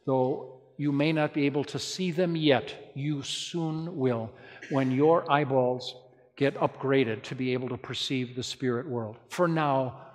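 A male pastor preaching a sermon, telling stories in a lively way and speaking straight to his congregation. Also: mid-range voice. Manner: lively storytelling preacher, addresses the congregation directly. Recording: long reverb of a large hall.

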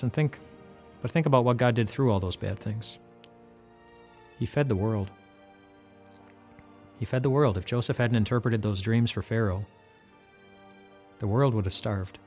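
A man's voice: medium pitch, a little mellow. Conversational man retelling a Bible story. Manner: conversational, with frequent restarts and repeated words. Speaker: devotional host. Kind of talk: casual devotional Bible talk. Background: faint music.

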